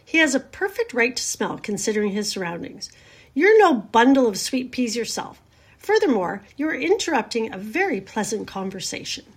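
A woman voicing a calm, wise female spider who talks in a cool, collected, motherly way. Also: fairly high pitch, moderate pace, husky. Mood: firm, soothing.

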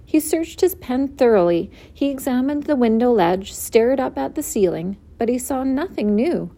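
Lady reading a kids book out loud, mellow warm voice, lively and sing-songy. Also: fairly high pitch, moderate pace. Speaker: storyteller. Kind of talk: reading a children's book aloud.

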